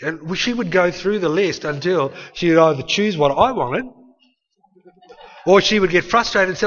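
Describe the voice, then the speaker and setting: A man's voice: a little high, lively intonation, normal speed, fairly bright tone. A man, preaching an earnest, conversational sermon and speaking prayers aloud. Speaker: pastor. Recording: dull sound with long hall reverb.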